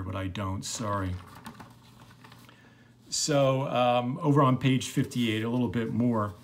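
Brief: middle-aged male lecturer, unhurried, rambling, lots of ums. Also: on the low side. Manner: relaxed, rambling, many fillers. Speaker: literature teacher. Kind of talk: recorded lecture.

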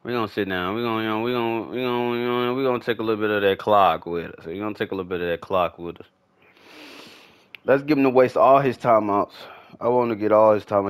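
A young man commentating his own football video game as he plays, slangy and swearing, often shouting with excitement. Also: fairly low pitch, smooth. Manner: trash-talking, swearing, hyped shouts; slangy, repetitive casual speech. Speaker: gaming YouTuber. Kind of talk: live gameplay commentary.

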